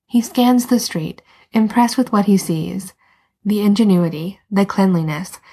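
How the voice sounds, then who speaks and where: A woman reading a story aloud as narrator, soft and unhurried, sometimes dropping to a whisper. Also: lowish voice. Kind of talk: scripted narration.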